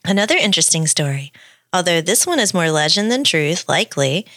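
A woman's voice: lowish voice, very animated, a little fast, bright, forceful tone, no room sound, clean studio sound. A woman co-hosting a podcast, reading a story aloud with playful asides. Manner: reads the script with playful asides. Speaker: podcast co-host.

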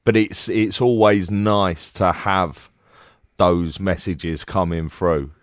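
A man's voice: low voice, fairly even intonation, slow, no room sound, studio quality. A man with a Cockney accent, co-hosting a podcast in a laid-back, blokey way. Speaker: podcast co-host. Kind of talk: casual podcast chat.

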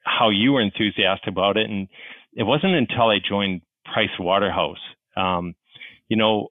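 A man's voice: on the low side, normal speed, dry recording. Canadian man on a tinny line. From Calgary, Canada. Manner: self-deprecating, chatty. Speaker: podcast guest. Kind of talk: casual podcast storytelling.

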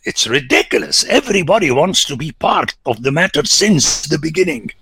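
A man, a priest, giving an emphatic biblical lecture, swinging between loud exclamations and hushed whispers. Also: fairly high pitch, big pitch swings, vocal fry, husky, no echo. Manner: slow, deliberate, rhetorical.

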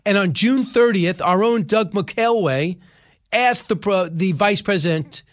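High-voiced emphatic male host. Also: measured pace. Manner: emphatic, rhetorical questions. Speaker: commentary show host. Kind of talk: opinionated political commentary.

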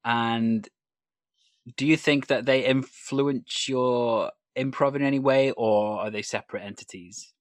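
An interviewer asks questions about improv and keeps the talk moving with quick affirmations and small laughs. The voice sits at a middle pitch and is recorded close and dry, with no room sound around it. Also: steady tone, dry recording. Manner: encouraging, frequent short laughs and affirmations.

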